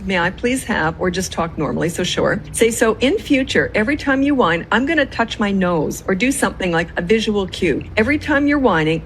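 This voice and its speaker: A woman's voice: medium pitch, slight background noise, poor audio. A woman with a stern, instructive manner giving parenting advice on a podcast clip.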